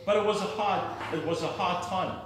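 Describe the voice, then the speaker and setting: A man's voice: high-pitched, normal speed, distant mic, heavy background noise. Earnest man preaching in echoey hall. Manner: earnest, emphatic storytelling. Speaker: lay preacher giving testimony. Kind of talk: personal testimony from the pulpit.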